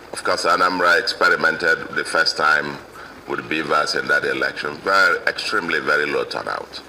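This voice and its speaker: A man with a Nigerian English accent giving an emphatic victory speech as governor, listing vote figures deliberately. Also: rumbling low, sharp tone, a little hiss or hum, poor audio.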